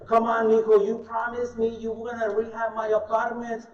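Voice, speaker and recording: A man's voice: extremely high pitch, monotone, normal speed, pitched above the performer's own voice. A man doing his retired old dad, pleading. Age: older. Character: retired older father pleading with his son. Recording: echoey room, distant dull mic.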